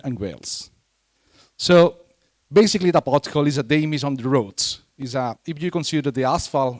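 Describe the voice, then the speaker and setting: A man with as his gives a conference talk in earnest, halting English, often restarting his phrases. His voice sits in the middle of the male range. The sound is dry and close, with little room echo. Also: medium pitch. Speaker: conference speaker, senior lecturer in civil engineering. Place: lecture event room.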